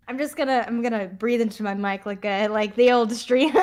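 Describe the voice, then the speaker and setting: A woman's voice: a little high, measured pace, darkish tone, slight background noise. A woman chatting casually and laughing during a group game voicing session. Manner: giggly, playful. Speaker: voice actor playing with friends. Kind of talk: casual chat.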